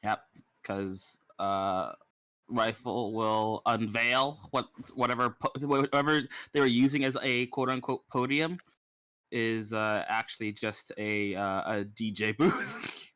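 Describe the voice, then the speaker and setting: A man's voice: fairly low pitch, little pitch movement, slow, fairly bright tone, smooth, no echo. A man playing in a casual tabletop role-play session, rambling playfully and laughing often. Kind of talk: casual in-character game chat.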